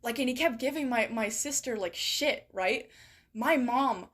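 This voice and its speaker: A woman with a slightly high voice talks in a loose, rambling way and keeps dropping "like" and "right?" into her sentences. She reads out viewer stories as she chats, cursing freely. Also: unhurried, a bit bright. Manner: rambling and chatty, with many "like" and "right?" asides and frequent swearing. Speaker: streamer reading viewer stories. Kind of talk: casual chat.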